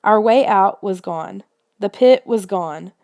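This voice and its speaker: A woman's voice: mid-range voice, slow, creaky, darkish tone. A woman narrating a children's adventure book in a tense, suspenseful reading style. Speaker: audiobook reader. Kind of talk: scripted storybook narration.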